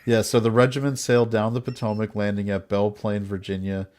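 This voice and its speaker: A man with a fairly low voice tells a historical story on a casual podcast. He breaks into laughter and jokes between the facts, keeping it loose and chatty. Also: level tone, fairly quick, darkish tone, slight background noise. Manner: laughs often, jokey asides between narration. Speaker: podcast host narrating history. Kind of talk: casual comedic podcast chat.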